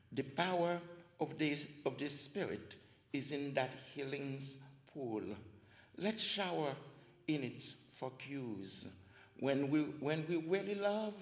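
Slow earnest man reading poetry. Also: fairly high pitch. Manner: slow, earnest recitation with pauses. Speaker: poetry reader. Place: library event room. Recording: echoey hall, reverberant.

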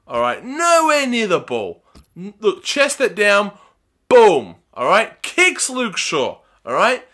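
A young man giving excitable, often shouted commentary while playing a football video game. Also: sits high, slow. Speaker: gaming YouTuber.

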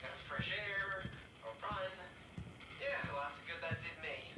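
A man's voice: fairly high pitch, slow pace, reverberant, over loud music, low-quality recording. A man voicing a frightened lost male hiker in a game, stammering and pleading. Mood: shaken.

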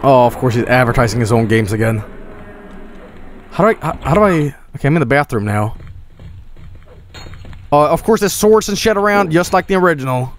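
A young man casually commenting while he plays a video game, excitable and often swearing. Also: medium pitch, brisk, long pauses, a little hiss or hum. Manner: excitable, swearing, laughing, reading game lines aloud. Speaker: streamer. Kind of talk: casual let's-play commentary.

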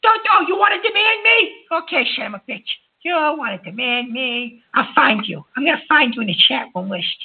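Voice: sits high, very animated, fairly quick, creaky, hardly any pauses, breathy edge, exaggerated voice. A performer voicing a hot-tempered uncle who hosts a call-in show and scolds and hangs up on callers. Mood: ranting. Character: excitable Italian-American uncle, a man. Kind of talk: prank call-in radio banter. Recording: tinny phone-line sound.

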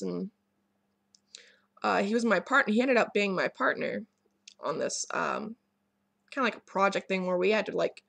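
A woman's voice: medium pitch, vocal fry, fairly bright tone, no room sound, studio quality. A young woman vlogger telling a personal story to camera in a rambling, candid way, with many ums and restarts.

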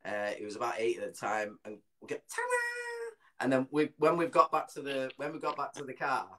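A middle-aged man, a comedian telling a funny story in a punchy, animated way. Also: medium pitch, fast, poor audio. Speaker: comedian, guest. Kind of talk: comic storytelling.

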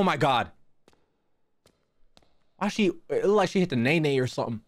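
Young male streamer, lively up-and-down delivery, slightly high voice, crude jokey banter, nervous mutters. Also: fairly quick, long pauses, no echo, studio quality. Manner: jokey, profane, talks to chat. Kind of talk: live gaming commentary.

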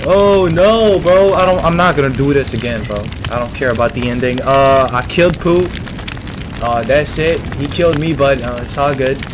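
A young man giving panicky let's-play commentary on a horror game, yelping and shouting when scared. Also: medium pitch, moderate pace, noisy background. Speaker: gaming streamer. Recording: game music playing loudly behind.

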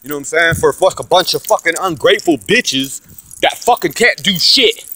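A man ranting profanely and aggressively about God and church, swinging from loud outbursts to low muttering. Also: lively intonation, moderate pace. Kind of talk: profane religious rant to camera.

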